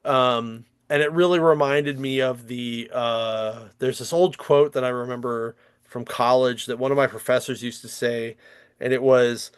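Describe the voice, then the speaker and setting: A man's voice: medium pitch, fairly even intonation, a little slow, clean tone, dry recording, clean studio sound. A man hosting a comics podcast, chatting casually in a rambling, profane way with lots of fillers and restarts. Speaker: podcast host. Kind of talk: casual chat.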